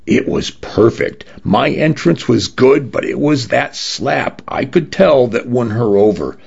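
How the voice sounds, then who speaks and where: A man's voice: medium pitch, animated, a little slow, vocal fry, darkish tone, breathy edge, dull audio, pitched above the performer's own voice, exaggerated voice. A man playing a wry charming young man. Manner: knowing, fond, wry.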